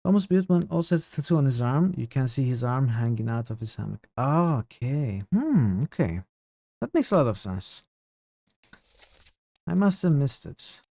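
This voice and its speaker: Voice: medium pitch, very animated, moderate pace, creaky, mellow, dry recording. A game streamer giving casual gameplay commentary, thinking aloud and chatting with viewers.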